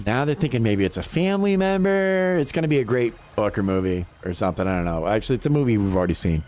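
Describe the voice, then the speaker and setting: A man's voice: fairly low pitch, expressive, a little mellow, soft background music. A man chatting casually on a gaming livestream, swearing freely, rambling and laughing often between thoughts. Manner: profane, rambling, quick to laugh. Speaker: livestream gamer.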